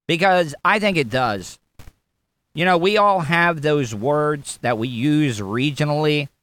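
Southern talk radio host, male, somewhat high smooth voice, blunt and rambling, dry studio sound. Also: measured pace, a bit bright, no echo. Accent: Southern American. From American South. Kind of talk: opinionated talk radio monologue.

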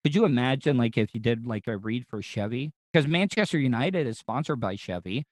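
A man's voice: medium pitch, lively intonation, brisk, no room sound. A man with a Southern American accent, a radio host rambling through a casual interview chat with plenty of fillers and restarts. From Southern United States.

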